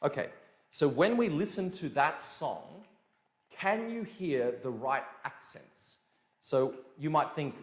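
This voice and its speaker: A man teaching a dance lesson in a casual, energetic way, counting beats and demonstrating them out loud. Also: mid-range voice, normal speed. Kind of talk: live-streamed dance lesson, casual explaining. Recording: echoey room.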